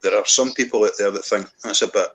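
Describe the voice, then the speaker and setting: A Scottish man telling stories in casual chat, lively and swearing freely. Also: fairly low pitch, fast talker, over a noisy crowd. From Scotland. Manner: animated, swearing, storytelling. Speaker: co-host.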